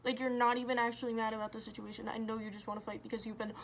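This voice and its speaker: A woman's voice: a little high, flat delivery, very fast. A young woman ranting to camera in a casual get-ready-with-me vlog, exasperated and sarcastic, full of "like" and "literally". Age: young adult. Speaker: vlogger. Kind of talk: casual chat.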